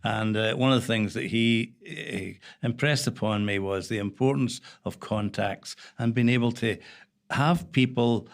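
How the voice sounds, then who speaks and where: A man's voice: mid-range voice, a little slow, gravelly. A man with a Northern Irish accent, a veteran journalist guest telling stories in an interview, with frequent hesitations. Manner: reflective storytelling with frequent hesitations. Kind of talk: conversational interview.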